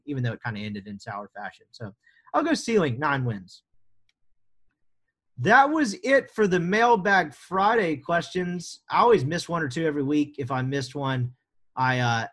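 A man's voice: a little high, a bit bright. Joking young American man hosting a podcast. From United States. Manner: joking, rambling, self-deprecating. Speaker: podcast host. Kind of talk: casual podcast chat.

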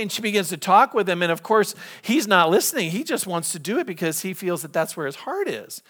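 A middle-aged man preaching a sermon as pastor, conversational and storytelling, slipping into lively impressions. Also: high-pitched, brisk, hardly any pauses.

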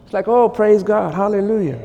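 A man preaching a charismatic sermon as pastor, dropping to low murmurs and rising to high shouted commands. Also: fairly quick, big-room sound, dull audio.

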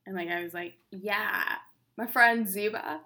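A woman's voice: medium pitch, a little slow, pushed and bright. A young woman co-hosting a podcast, talking candidly in casual chat, swearing freely and laughing often. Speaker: podcast co-host.

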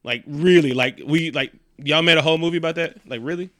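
A man's voice: fairly high pitch, fast, no room sound, studio quality. A man casually recapping a movie, joking and swearing freely as he tells the story. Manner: profane, joking, animated storytelling.

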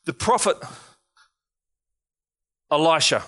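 A man preaching in a church with a high, bright voice. He drives his points with repeated rallying calls, then drops into playful asides to the congregation. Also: expressive, slow pace. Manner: exhorting, repetitive, playful asides. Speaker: pastor. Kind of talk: sermon.

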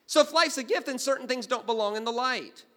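Aussie guy preaching a sermon, bright high voice, storytelling and getting loud. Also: fairly quick. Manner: storytelling, jumping from hushed to loud exclaiming. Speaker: pastor.

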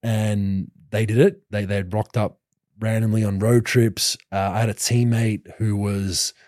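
A man in his thirties, a podcast host who played pro basketball, telling lively anecdotes with many restarts and laughs. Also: fairly low pitch, measured pace, no room sound, studio quality. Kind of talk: casual storytelling chat.

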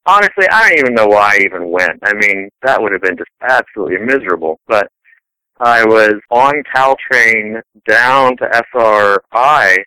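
Middle-aged male scientist guest, low-ish, very bright crisp tone, rambling anecdotal talker. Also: lively intonation, moderate pace, dry recording, low-quality recording. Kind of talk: casual conversational interview.

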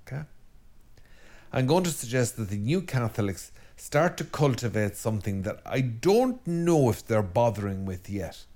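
A man's voice: medium pitch, darkish tone. Man, Irish accent, Mayo, middle-aged, priest hosting a talk show, casual chat, asides and tag questions, self-mocking. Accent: Irish, County Mayo. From Ireland. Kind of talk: casual spoken commentary.

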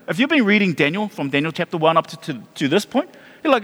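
A man preaching a sermon as pastor, animated, repeating himself and restarting phrases. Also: on the high side, fast talker, long reverb tail.

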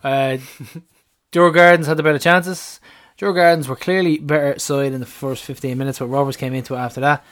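Sex: man. Role: podcast co-host. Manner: jokey, casual swearing, slightly high voice. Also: steady tone, fairly quick, fairly bright tone. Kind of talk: casual football fan chat.

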